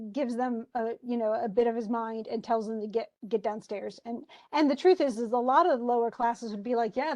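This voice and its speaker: A woman's voice: fairly high pitch, a little mellow. A woman lecturing a class on a play in a chatty way, often restarting and reading lines aloud with emphasis. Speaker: teacher.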